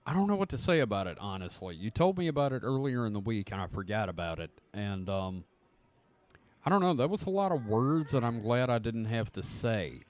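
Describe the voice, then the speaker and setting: A man's voice: lowish voice, big pitch swings, brisk. A man co-hosting a podcast with a cough, chatting casually, cursing freely and reading out news articles. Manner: rambling, profane, self-mocking. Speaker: podcast co-host.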